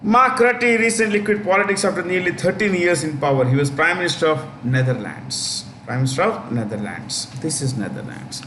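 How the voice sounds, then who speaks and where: Indian English male tutor, somewhat high, echoey room, faint hum, patient repetition. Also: animated, bright, forceful tone. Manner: repeats key names slowly, with fillers. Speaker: exam coaching teacher. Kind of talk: current affairs lesson.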